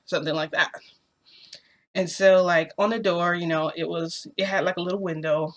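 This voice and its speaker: A woman's voice: lowish voice, steady tone, normal speed. A young woman vlogger telling a story casually, rambling with lots of filler words.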